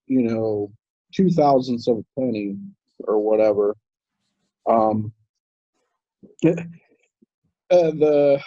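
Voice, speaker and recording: A man with a husky, mellow voice talks in a relaxed, rambling way, full of "um"s and restarts. The sound is dry and a bit muffled, like a video call. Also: medium pitch, no echo. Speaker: guest crypto commentator. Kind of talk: casual chat.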